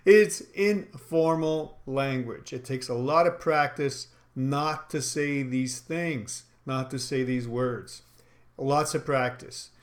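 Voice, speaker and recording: A man's voice: mid-range voice, takes it slowly. A man teaching retail sales, talking in an instructional, emphatic way and acting out sample phrases. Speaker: sales trainer. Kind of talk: instructional talk.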